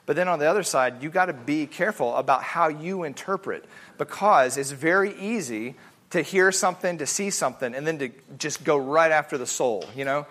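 A man teaching a family Bible study in a casual, animated way, acting out the voices he quotes. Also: on the high side, a little fast.

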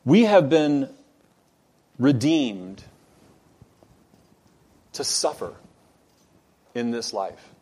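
A man preaching a sermon, earnest and building toward loud, emphatic stretches. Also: medium pitch, very animated, extremely slow, pauses often, slightly rough. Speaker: pastor.

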